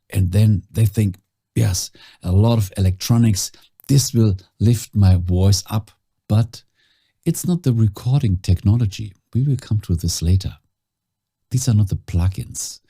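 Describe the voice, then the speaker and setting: Voice-over coach, male, very dark husky low voice, slow and reflective. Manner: slow, calm, thoughtful, dramatic pauses. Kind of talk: reflective talk to camera.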